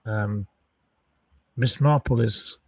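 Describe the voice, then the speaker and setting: A man hosts a live quiz in a loose, rambling way, reading out answers and long lists of wrong guesses. His voice is husky and sits some way from the mic in a dry room. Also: mid-range voice, extremely slow, fairly bright tone, dry recording, recorded from a distance, rough recording. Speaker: quiz host on a live stream. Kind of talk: casual live quiz chat.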